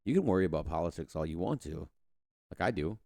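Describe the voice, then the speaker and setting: A man's voice: low voice, very animated, fast talker, a little mellow, dry recording, clean studio sound. A man hosting a podcast, rambling through a casual political monologue with frequent restarts and casual swearing. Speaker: podcast host.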